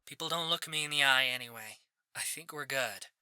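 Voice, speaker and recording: A man voicing a cheeky young woman with a wry, quiet delivery. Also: mid-range voice, brisk, smooth, dry recording, studio quality.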